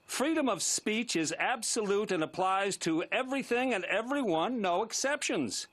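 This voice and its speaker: A brisk, lecturing statesman. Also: high-pitched, animated, fairly bright tone. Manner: brisk, lecturing, matter-of-fact. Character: brisk, lecturing man from a founding era. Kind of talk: 1990s TV cartoon voice acting.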